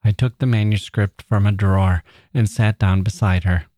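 Low-voiced man reading a story, dry sound. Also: steady tone, normal speed, mellow, no room sound. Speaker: podcast host reading a short story.

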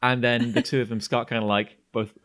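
Halting casual man running a tabletop game. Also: medium pitch, flat delivery, a bit bright. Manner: casual, halting, many fillers. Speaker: game master.

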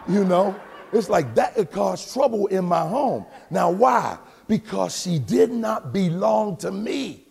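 Man pastor, gravelly raised voice, funny stories and shouted points, long church reverb. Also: high-pitched, lively intonation, moderate pace, hardly any pauses, a faint crowd. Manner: humorous storytelling, shouted emphasis. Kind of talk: sermon. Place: church sanctuary with congregation.

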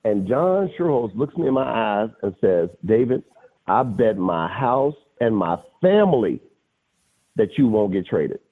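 A husky-voiced man in his fifties tells stories as a podcast guest, his pitch rising and falling as he gets worked up. He laughs and repeats phrases freely. The sound is thin and phone-like. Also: big pitch swings, unhurried. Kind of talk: casual storytelling. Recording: phone-like lo-fi audio.

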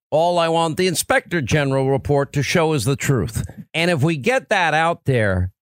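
A man's voice: a little high, no room sound. A middle-aged man hosting a political talk radio show, speaking emphatically in repeated rhetorical lists on a studio microphone.

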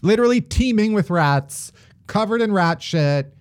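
High-voiced joking male co-host. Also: lively intonation, clean tone. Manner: wry, joking, quick to laugh. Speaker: podcast co-host. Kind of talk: comedic news chat.

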